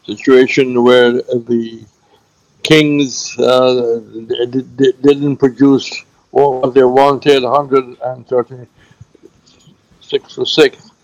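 A man presenting cricket scores on a radio show, halting, with many fillers, repeating figures slowly. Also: mid-range voice, flat delivery, darkish tone, no room sound, rough recording. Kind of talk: radio sports news segment.

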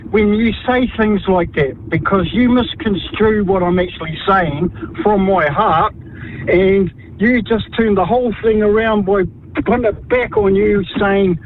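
A man in his fifties with a New Zealand accent, calling in to talkback radio and speaking earnestly, halting and restarting his words. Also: sits high. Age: 50s. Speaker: caller. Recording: tinny phone line with faint noise.

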